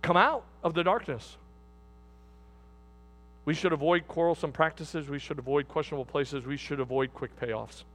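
A middle-aged man preaching a sermon as pastor, folksy and repetitive, dropping to soft asides and rising to loud exhortation. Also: a little high, normal speed, long pauses.

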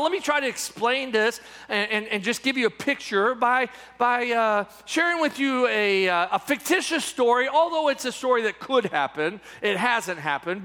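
A man's voice: high voice, bright, forceful tone, in a large hall. A man preaching a sermon as pastor, emphatic and repetitive, turning to the congregation with questions.

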